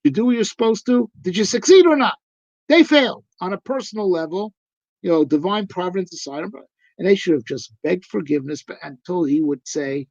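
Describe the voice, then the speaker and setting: Briskly and emphatically, a male rabbi with a high, darkish voice discourses live on Torah in a conversational style, posing rhetorical question after rhetorical question. The dull lo-fi recording has no echo.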